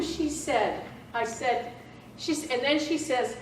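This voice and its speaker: A woman's voice: fairly high pitch, measured pace, a little hiss or hum. A woman speaking at a public meeting, telling an emotional personal story about her mother. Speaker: public commenter. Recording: echoey hall, mic far off.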